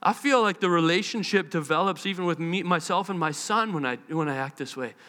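A man preaching a sermon in a conversational, animated way, acting out the quotes he tells. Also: high voice, fairly quick, long reverb tail. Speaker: pastor.

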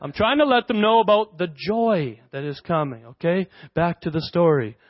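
A young man preaching a sermon as a pastor, animated and conversational with playful asides. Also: high-pitched, moderate pace, dry recording. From Canada. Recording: dry, dull lo-fi sound.

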